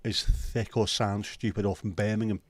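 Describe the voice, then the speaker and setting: A man with a Liverpool accent and a lowish, fairly flat voice hosts a livestream at normal speed. He reads viewer comments and chats casually and bluntly, swearing plenty.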